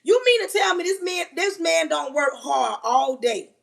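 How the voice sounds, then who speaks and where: A woman in her forties talks straight to her live viewers with a high, bright-pitched voice. She preaches her advice emphatically and keeps calling her listeners "baby." It is a casual, heartfelt, sermon-like chat. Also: animated, unhurried, gravelly. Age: 40s. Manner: talks while doing kitchen chores. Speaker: livestream host.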